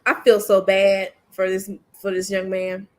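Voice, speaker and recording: A woman's voice: medium pitch, completely flat delivery, a little slow. A woman hosting her own commentary channel, ranting bluntly and emphatically in casual slang and repeating her points.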